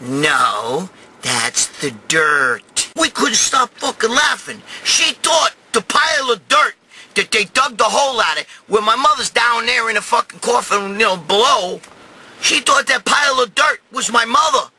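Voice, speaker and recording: Host, middle-aged New York Italian guy, crude rambling storyteller, high bright voice. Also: normal speed, breathy edge, low-quality recording. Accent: New York Italian-American. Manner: profane, rambling, swings to loud shouting. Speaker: show host telling a story. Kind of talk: crude comic storytelling monologue.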